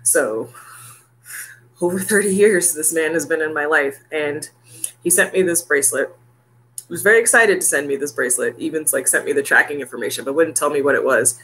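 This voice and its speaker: A woman's voice: deep voice, fairly quick, fairly bright tone, slight background noise. A woman in her thirties talking casually and heartfelt to her viewers, laughing often. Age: 30s. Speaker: vlogger. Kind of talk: casual chat to camera.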